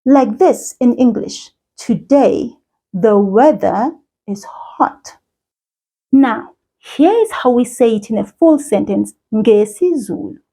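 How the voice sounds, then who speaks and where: A woman's voice: fairly high pitch, lively intonation, slow, mellow, breathy edge. A woman teaching a children's language lesson, cheerful and sing-song, talking straight to a child viewer. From South Africa.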